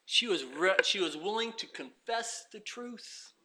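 A man's voice: high-pitched, animated, measured pace, pushed and bright, slight background noise. A man preaching a sermon as pastor, emphatic and repeating his points.

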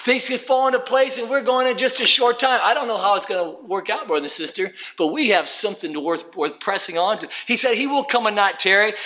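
High bright-voiced preacher. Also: male voice, brisk, hardly any pauses. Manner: reads scripture aloud, rising to emphatic calls. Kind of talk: sermon.

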